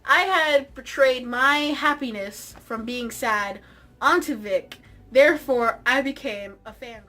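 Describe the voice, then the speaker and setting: A young woman vlogger tells a funny story from her own life, dramatic and excitable, often raising her voice for effect. Her voice sits high and she takes her time.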